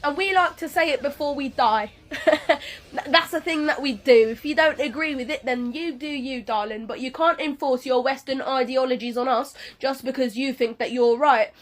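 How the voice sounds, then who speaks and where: A woman's voice: high voice, moderate pace. A young woman from Palestine speaking to camera in a sassy, lecturing way, firing rhetorical questions at the listener. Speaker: video creator. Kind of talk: speaking to camera over a speedpaint.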